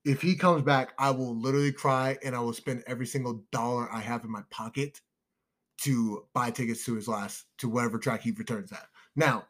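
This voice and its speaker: A young man co-hosting a casual podcast chat, excitable and emotional, calling his listeners "y'all". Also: mid-range voice, brisk. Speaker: podcast co-host.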